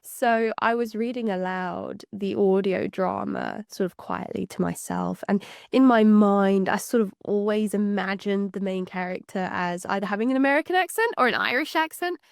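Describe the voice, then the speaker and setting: A young woman from England chats on a podcast, her mid-pitched voice carrying a gravelly fry. She rambles freely and laughs lightly now and then. The sound is dry and close, with no room around it. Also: normal speed, few pauses, no room sound. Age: young adult. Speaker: podcast co-host. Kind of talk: casual chat.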